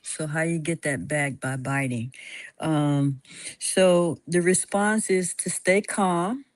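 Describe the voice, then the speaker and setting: Woman host, slow unhurried delivery, lowish voice, halting with fillers, dry close sound. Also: no echo. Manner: calm, halting, many fillers and restarts; laughs often. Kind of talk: casual chat about teaching.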